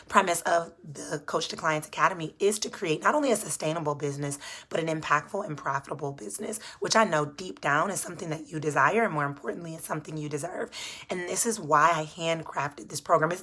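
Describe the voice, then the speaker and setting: A woman business coach speaking casually in a live video, with a groggy just-woke-up voice, earnest and encouraging, repeating words for emphasis. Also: fairly bright tone. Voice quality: low, slightly groggy.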